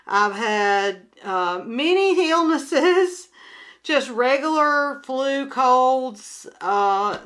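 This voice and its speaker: A woman's voice: medium pitch, unhurried, a bit bright. A woman chatting casually and rambling at home as she shows her craft projects, with many restarts and fillers. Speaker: craft vlogger. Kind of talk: casual chat while showing crafts.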